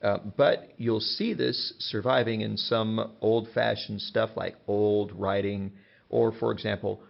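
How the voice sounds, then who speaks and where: Gravelly low-voiced male teacher. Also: moderate pace. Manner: patient and explanatory, with example sentences. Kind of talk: classroom grammar lesson. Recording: dull lo-fi sound.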